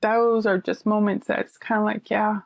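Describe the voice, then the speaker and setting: A middle-aged woman, a counselor, telling stories in casual conversation and acting out quoted voices with lively animation. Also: mid-range voice, normal speed, creaky, no echo. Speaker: counselor sharing her story. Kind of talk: conversational storytelling.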